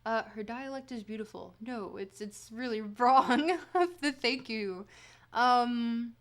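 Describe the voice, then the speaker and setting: Woman streamer reading old philosophy on stream, kinda high voice, reads in a put-on accent, trips over words and fixes them, jokes around with chat. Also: takes it slowly. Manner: reads in a put-on accent, stumbling and self-correcting; playful and self-mocking with chat. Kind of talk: livestream reading with chatty asides to chat.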